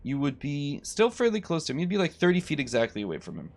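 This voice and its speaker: A man running a tabletop game as game master, telling stories with lively pitch swings. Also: quick pace.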